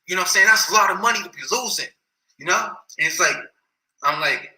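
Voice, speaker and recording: A man's voice: sits high, a little fast, sharp tone. A man telling a story in a casual, rambling way, full of slang and repeated phrases, in an echoey room.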